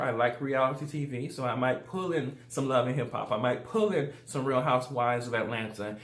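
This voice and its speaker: Southern-accented male life coach, higher voice, upbeat and chatty, roomy echo. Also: fairly bright tone. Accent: Southern US, Louisiana. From Louisiana, USA. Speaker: life coach, channel host. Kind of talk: casual motivational talk to camera.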